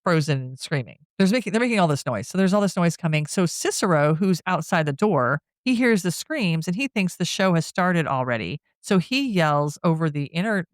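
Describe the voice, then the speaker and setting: A woman on a podcast walks through a movie's story in a relaxed, chatty way, breaking into laughter now and then. Her voice sits on the lower side for a woman. The sound is close and dry, with no room around it. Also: fairly quick, hardly any pauses, dry recording. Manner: laughs often while retelling a plot, animated. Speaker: podcast co-host. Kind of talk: casual movie recap chat.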